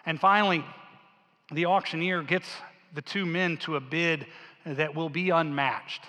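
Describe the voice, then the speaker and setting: A male pastor telling a story in a sermon with earnest, quiet intensity, dropping his voice low for quoted lines. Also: fairly even intonation, a little slow. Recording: long hall reverb.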